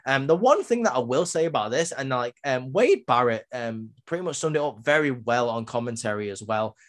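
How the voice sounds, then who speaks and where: Man, wrestling show reviewer, casual recap, rambling, lots of ums, middle-pitched voice. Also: lively intonation, fairly quick. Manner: chatty, many filler ums, acts out quotes.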